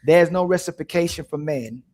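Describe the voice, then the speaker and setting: A man hosting a livestream talk show, arguing forcefully and repeating his points in a heated debate. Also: on the high side, moderate pace. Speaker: show host.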